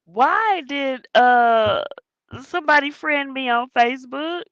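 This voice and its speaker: A woman's voice: high voice, slow pace, fairly bright tone, dry recording. A woman hosting a casual panel chat, laughing often and talking in loose, slangy bursts. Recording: muffled lo-fi audio.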